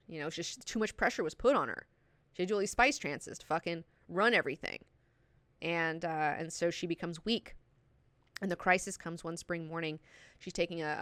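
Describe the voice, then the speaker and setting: Bright, profane woman hosting a book club. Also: lowish voice, smooth, dry recording. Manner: animated, profane, lots of fillers. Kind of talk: casual book discussion.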